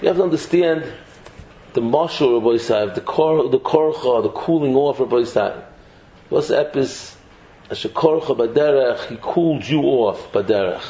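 Man giving an animated Torah shiur. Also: medium pitch, moderate pace. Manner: animated, repeats words, mixes English with Hebrew and Yiddish terms. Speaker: Torah teacher. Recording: echoey, dull, faint noise.

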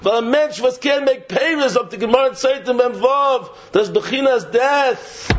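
A man giving a Torah sermon in a sing-song preaching cadence, dropping to a low, soft refrain again and again. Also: a little hiss or hum. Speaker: rabbi giving a Torah talk. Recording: dull lo-fi recording.

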